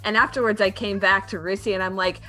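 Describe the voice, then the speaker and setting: A woman chatting casually, telling stories in an animated way with some swearing. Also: mid-range voice, fast, over loud music. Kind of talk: casual chat.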